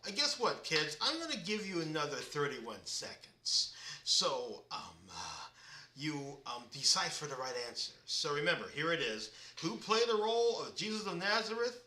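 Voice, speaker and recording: A man's voice: fairly high pitch, pushed and bright, recorded from a distance, slight background noise. A man with a drawl hosting a casual live-stream quiz, reading out viewers' names and answers in a chatty manner. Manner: chatty, reads viewers' names and comments aloud. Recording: echoey room, voice away from the mic.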